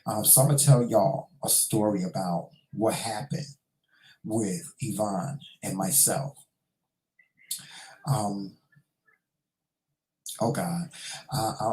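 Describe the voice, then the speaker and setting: A man's voice: medium pitch, dark tone. A middle-aged man hosting a casual live chat show, talking straight to his viewers and calling them y'all, honey and child, often repeating himself. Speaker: talk show host. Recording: echoey room.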